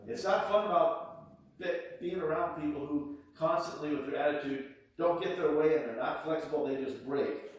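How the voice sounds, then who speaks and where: Brief: male PE teacher, upbeat and preachy, slightly high voice, recorded from afar in a booming gym. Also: moderate pace. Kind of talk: addressing students in a video. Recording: echoey gym, distant mic.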